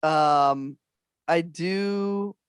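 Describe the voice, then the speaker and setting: A man's voice: fairly high pitch, extremely slow, clear, resonant tone, no echo, studio quality. Foul-mouthed, laughing male podcast guest. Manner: profane, laughs a lot, does impressions. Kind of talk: casual chat.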